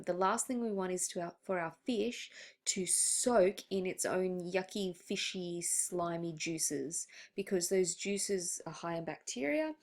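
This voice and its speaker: A woman's voice: lowish voice, darkish tone. Chatty woman teaching. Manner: chatty, digressive, many ums and restarts. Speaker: hospitality teacher. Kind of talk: recorded lesson reading slides.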